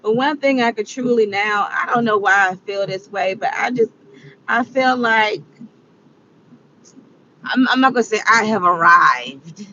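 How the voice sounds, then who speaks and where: A woman's voice: mid-range voice, lively intonation, a little slow, long pauses, bright, forceful tone, highs cut off, a little hiss or hum. A woman of forty talking casually to camera, rambling, repeating herself and laughing often. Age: 40s. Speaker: vlogger. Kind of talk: casual reflective talk to camera.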